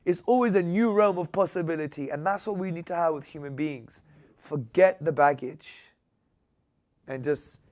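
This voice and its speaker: A man being interviewed, his voice sitting a little high. He moves from calm, reflective explanation to loud, excited retelling of emotional moments, then settles into a preaching tone. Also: normal speed. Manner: rises sharply in pitch and volume when retelling emotional moments; reflective, preaching tone when giving advice. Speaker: interview guest. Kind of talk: animated storytelling interview answer.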